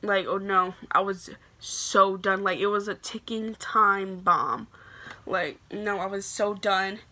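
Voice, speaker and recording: A young woman from Illinois telling a story to her camera in a chatty, animated way, full of "like" fillers. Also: mid-range voice, takes it slowly.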